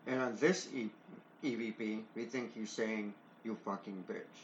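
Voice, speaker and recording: A man's voice: on the low side, fairly even intonation, unhurried. Male co-host, easygoing and agreeable, echoey room, dull lo-fi sound. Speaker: paranormal investigation show co-host. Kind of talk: casual commentary on recordings. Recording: echoey, muffled lo-fi recording with faint hiss.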